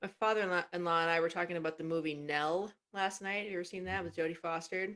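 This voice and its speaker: A woman's voice: lowish voice, steady tone, fast, a bit bright. A woman co-hosting a podcast, chatting and telling stories, often trailing off mid-thought. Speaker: podcast co-host. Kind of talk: casual chat.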